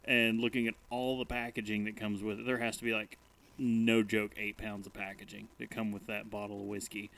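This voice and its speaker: A man co-hosting a casual podcast chat, telling jokey stories in an animated way. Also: on the low side, fairly quick, gravelly. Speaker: podcast co-host.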